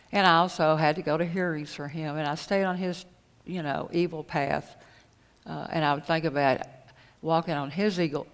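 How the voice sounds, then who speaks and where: A middle-aged woman speaking at a conference, telling a personal story in an earnest, halting way and retelling conversations. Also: deep voice. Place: conference hall. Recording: echoey hall with long reverb.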